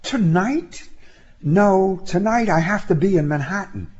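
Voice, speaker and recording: A man reading a story, voicing an earnest, hurried young college woman in a brisk, apologetic way. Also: sits high, lively intonation, darkish tone, muffled recording, pitched above the performer's own voice.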